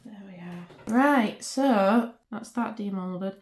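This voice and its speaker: A woman's voice: mid-range voice, takes it slowly, a little mellow. Woman chatting breathlessly in an echoey room. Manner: chatty, narrating while she works. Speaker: resin crafter and channel host. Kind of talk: casual crafting vlog. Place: her home craft room.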